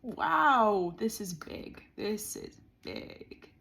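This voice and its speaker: A woman's voice: mid-range voice, sing-song, drawn-out words, creaky, fairly bright tone. Earnest woman in a diary vlog. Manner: earnest, frequent "like" fillers. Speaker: vlogger. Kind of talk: reflective diary monologue. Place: indoors, seated on the floor.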